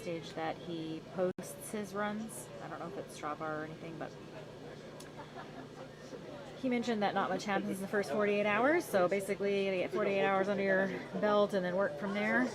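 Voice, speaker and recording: A woman's voice: medium pitch, fairly even intonation, brisk, hardly any pauses, rough recording. A woman commentating on a race livestream outdoors, talking in a rambling way with many fillers. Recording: loud crowd behind.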